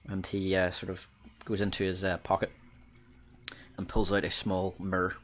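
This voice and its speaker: A man's voice: deep voice, completely flat delivery, normal speed. A Northern Irish man narrating a tabletop game as game master, with many hesitations. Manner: hesitant, many uhs, breaks into laughter.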